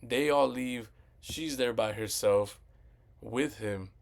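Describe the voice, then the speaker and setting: A man's voice: mid-range voice, slow pace, vocal fry. A man casually ranting about a movie sequel, rambling and swearing as he retells scenes. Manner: profane, rambling, retells scenes with quoted voices. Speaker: movie commentary vlogger.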